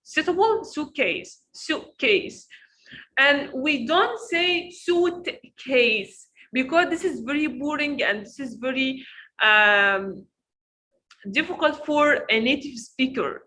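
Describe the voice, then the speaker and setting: A woman teaching pronunciation in an online lesson, repeating each word slowly to drill it. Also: sits high, animated, bright, forceful tone, rough recording. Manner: slow, repeats words to drill them.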